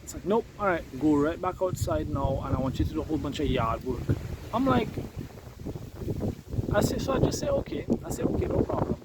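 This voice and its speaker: A young man telling a personal story to camera, animated as he quotes his father and himself. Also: a little high, fairly quick. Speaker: vlogger. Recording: loud wind and background noise on mic.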